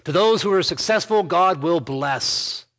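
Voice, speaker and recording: A man with a fairly high voice is preaching an expository sermon. He builds steadily to emphatic points and drops in quick, informal asides to the congregation. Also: expressive, fairly bright tone. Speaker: pastor.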